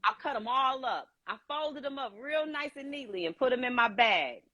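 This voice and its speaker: A woman's voice: sits high, lively intonation, normal speed, bright, forceful tone, dry recording. A woman hosting a casual livestream on her phone, telling stories in a blunt, candid way. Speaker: host of a livestream. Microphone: phone on a video call.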